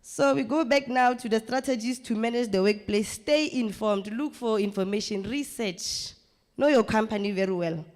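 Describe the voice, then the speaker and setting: A woman gives a lively, coaching workshop presentation to a training group. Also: a little high. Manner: lively, coaching, acts out quick scenes. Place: training room. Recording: reverberant training room.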